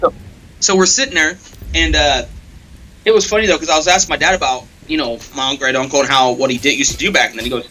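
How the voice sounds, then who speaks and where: A bright, forceful male voice, a touch higher than most men's, carries a lively run of anecdotes over an online voice chat. He laughs and swears his way through the stories. A faint hum of room ambience sits underneath. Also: fast, rough recording. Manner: animated storyteller, laughs often, swears. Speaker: guest on a gaming stream. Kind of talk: casual storytelling chat.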